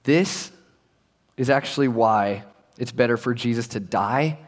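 A man's voice: medium pitch, measured pace, long reverb tail. A young man preaching a casual sermon to a youth group, chatty and joking, acting out the voices he quotes. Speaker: pastor.

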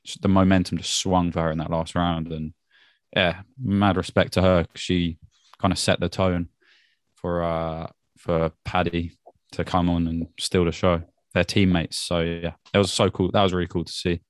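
A man with a very deep voice talks through a night of fights in a relaxed, laughing way, dropping "mate" here and there. The sound is dry and close. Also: moderate pace, dry recording. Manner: laid-back, laughs often, British slang like "mate". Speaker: podcast co-host. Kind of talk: casual MMA fight recap.

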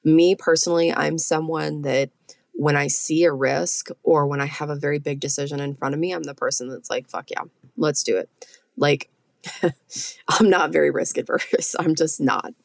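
A blunt woman talks straight to her listeners in a casual solo podcast, swearing freely and tagging "okay?" onto her points. Her voice sits low with a gravelly edge. The sound is close and dry. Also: steady tone, normal speed, no room sound. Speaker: podcast host and med spa owner.

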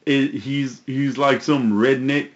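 A man co-hosting a casual movie chat, halting and full of fillers and casual swearing. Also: mid-range voice, steady tone, highs cut off. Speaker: podcast co-host.

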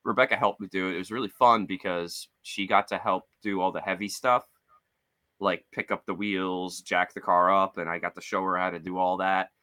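A man co-hosting a podcast in casual chat, animated and swearing, jumping into high voices when he quotes people. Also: moderate pace, dry recording, clean studio sound. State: limping with a foot injury. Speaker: podcast co-host.

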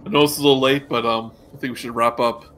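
A man narrating as game master of a tabletop game, halting with many ums. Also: medium pitch, fairly even intonation, a bit bright, slight background noise, low-quality recording.

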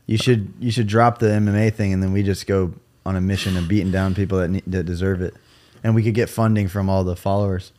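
Host: young man, lowish voice, easygoing and slangy, casual banter. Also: fairly even intonation, fast, few pauses, dark tone. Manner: laid-back, slangy, laughs easily. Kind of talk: casual chat.

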